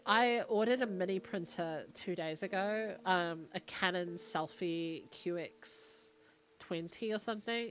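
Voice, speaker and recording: A woman's voice: lowish voice, a little slow, faint music behind. Chatty young woman streaming a game. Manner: chatty and excitable, thinking aloud and reading on-screen text. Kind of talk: casual live-stream chat while playing a puzzle game.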